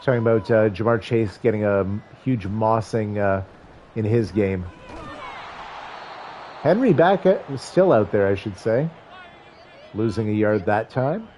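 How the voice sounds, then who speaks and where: A man's voice: lowish voice, animated, a little slow, pauses often, darkish tone, slight background noise. A man streaming a football video game, giving casual play-by-play with wry, joking asides between stat rundowns.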